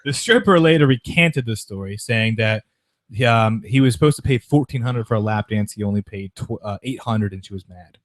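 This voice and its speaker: A man's voice: lowish voice, no room sound, clean studio sound. A man hosting a sports podcast, chatting casually about sports news in a rambling way, with lots of restarts. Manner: rapid, rambling, with frequent restarts and mocking quoted voices.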